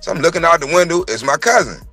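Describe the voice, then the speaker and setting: Brief: man, casual livestream co-host, bright forceful voice, animated profane storyteller. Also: a little high, fast, faint music behind. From North Carolina. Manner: animated, profane, acts out quoted voices loudly. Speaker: podcast co-host. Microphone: livestream mic.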